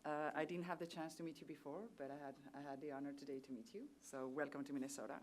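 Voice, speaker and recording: Low-voiced Spanish-accented woman. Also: little pitch movement, fast talker, a little hiss or hum. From Spain. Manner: formal and earnest, reciting statistics. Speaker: trade official on a panel. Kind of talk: prepared public remarks. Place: seminar venue.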